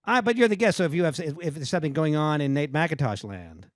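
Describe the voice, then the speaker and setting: A man hosting a podcast, chatting casually with halting restarts and dry quips. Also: a little high, expressive, dry recording. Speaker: podcast host.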